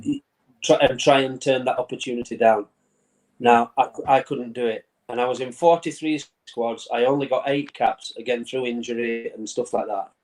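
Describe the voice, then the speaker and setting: A man in his fifties from England talks over a video call from a small room at home. He tells his stories in a loose, chatty way, laughing often and doubling back on his words. His voice sits at an ordinary middle pitch. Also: darkish tone, low-quality recording. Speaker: former goalkeeper, guest. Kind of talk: casual interview chat. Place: brother-in-law's man cave at home.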